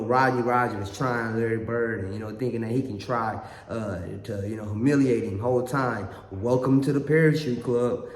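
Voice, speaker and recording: Man rambling in an echoey room. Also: mid-range voice. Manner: rambling, earnest, repeats himself. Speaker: reaction channel host. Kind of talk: casual monologue to viewers. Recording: echoey room with long reverb.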